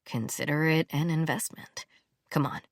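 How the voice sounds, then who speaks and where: A woman voicing a calm, persuasive male music professor, speaking softly and insistently. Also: moderate pace, gravelly, no echo, studio quality. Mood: gentle, persuasive. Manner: soft, low, insistent. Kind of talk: audiobook character voice.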